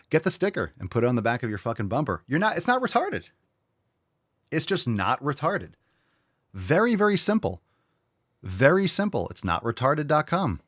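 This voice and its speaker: Brash, animated male show host. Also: mid-range voice, a little fast, dry recording, clean studio sound. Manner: brash, profane, mocking and animated. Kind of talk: casual merch pitch monologue.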